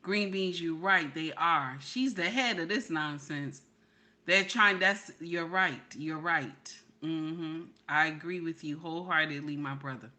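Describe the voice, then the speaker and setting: A woman's voice: deep voice, unhurried, bright, forceful tone. A woman hosting a live reaction commentary, talking straight to her chat and hammering points with repeated "okay?". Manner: emphatic, repeats "okay?" to drive points home; talks to her chat directly. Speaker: commentary host.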